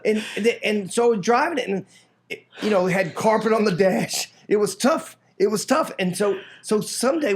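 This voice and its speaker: A middle-aged man from Florida, United States, tells his life story as a guest in a loose, rambling, casual interview. His voice sits high for a man, and he jumps into others' lines with raised, animated delivery. He often stumbles, restarts sentences, and repeats words.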